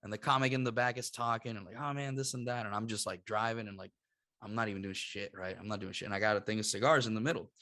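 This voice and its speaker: Puerto rican guy on a podcast, bright punchy voice, swears a lot, acts out every quote. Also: on the low side, fast talker, no room sound, studio quality. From Puerto Rico. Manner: animated, swearing, laughing often, acts out quotes. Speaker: podcast guest. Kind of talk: casual storytelling.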